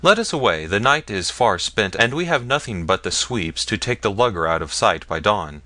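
A man's voice: on the low side, expressive, normal speed, sharp tone, no echo. Man voicing smuggler crewman, raised voice, urging, dry close sound. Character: plain male smuggler crewman.

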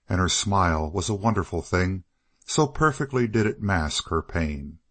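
Deep-voiced male audiobook narrator. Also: expressive, a little slow, fairly bright tone, no room sound. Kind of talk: scripted narration.

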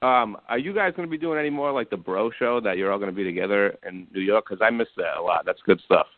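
An eager caller who rattles his words off quickly and loudly. His voice is lowish. He is heard over a tinny phone line. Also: dry recording. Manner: eager, loud fan.

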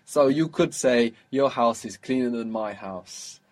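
A man's voice: mid-range voice, measured pace, a little mellow. A man teaching a spoken Arabic lesson, explaining patiently and prompting his student with questions.

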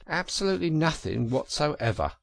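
A man voicing a fussy, pettish male mole who whines in a high, fretful voice. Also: big pitch swings, moderate pace, vocal fry, no room sound. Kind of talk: audiobook character reading.

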